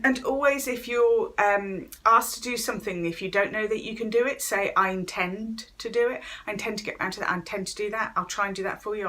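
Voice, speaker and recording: In a mid-range voice with a bright, forceful tone, a woman speaks directly to her viewers on camera. Her talk about workplace wellness is chatty, and she acts out the voices she quotes.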